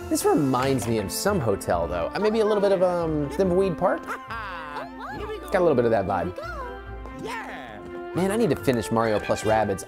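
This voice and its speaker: A man hosting a let's play, chatting casually and rambling while keeping his voice down late at night, with frequent laughs. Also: mid-range voice. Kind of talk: casual gameplay commentary. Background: video game music.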